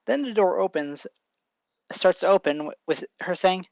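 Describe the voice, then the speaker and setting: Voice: mid-range voice, lively intonation, moderate pace, no room sound, muffled recording. A fan-fiction narrator telling a what-if story in a casual amateur style, restarting and stumbling over words, with chatty asides.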